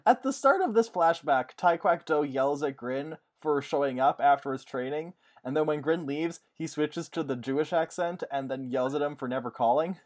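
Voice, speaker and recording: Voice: medium pitch, normal speed, hardly any pauses. A podcast co-host chatting casually, adding playful asides and jokes about a cartoon. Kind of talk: casual chat.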